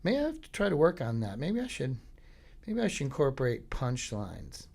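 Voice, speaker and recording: Florida guy hosting a podcast, rambling deadpan bits, lots of ums, mid-pitch voice. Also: normal speed, creaky. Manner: meandering, deadpan, filler-heavy. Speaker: podcast host. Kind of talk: rambling comic monologue.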